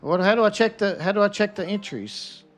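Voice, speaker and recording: A man's voice: high-pitched, lively intonation, a little fast, soft background music. A man casually commenting on a game during a live stream and chatting with his viewers by name.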